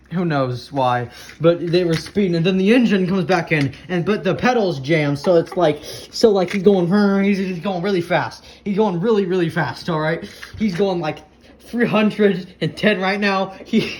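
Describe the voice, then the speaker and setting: A speaker of middle pitch rambles excitably through a chaotic video, tripping over words and restarting often. The recording carries a clear layer of background noise under the voice. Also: normal speed. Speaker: commentator narrating a video. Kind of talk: casual rambling commentary. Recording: noisy home recording.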